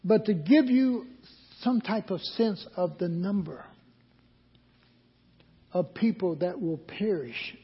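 A man's voice: sits high, expressive, slow pace, long pauses, breathy edge. A male preacher delivering a sermon, asking the congregation questions and answering them himself. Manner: call-and-response questions to the congregation. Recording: dull recording with long hall reverb.

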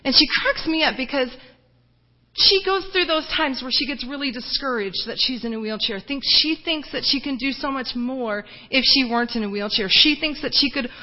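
A woman giving a lively personal ministry report to her home church, telling stories with many restarts and fillers. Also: sits high, normal speed, in a large hall, lo-fi sound.

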